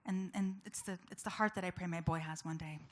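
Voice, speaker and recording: A woman's voice: fairly low pitch, steady tone, fairly quick. A woman giving an earnest, personal talk to a live audience, chatty and full of fillers. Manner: earnest, conversational, with many fillers. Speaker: public speaker.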